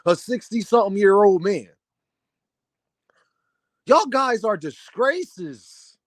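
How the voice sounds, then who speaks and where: A young man on a heated rant, scolding the older generation in a preachy, lecturing way. His voice sits high for a man, and the recording is dry and close, with almost no room sound. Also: no room sound. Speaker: commentator. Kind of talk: opinion rant to camera.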